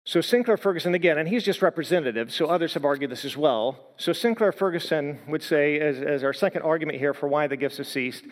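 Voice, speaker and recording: A man preaching from the front of a church hall, his voice sitting a little high for a man. He talks earnestly in measured phrases and slows right down to stress the lines he quotes. A long reverb trails each word through the room. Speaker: pastor. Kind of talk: sermon.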